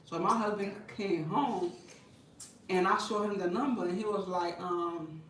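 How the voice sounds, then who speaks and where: A woman chatting casually with her viewers, telling stories in an animated way, laughing and breaking into loud bursts. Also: fairly low pitch, unhurried, a little hiss or hum. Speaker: vlogger talking to viewers. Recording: roomy and distant from the mic.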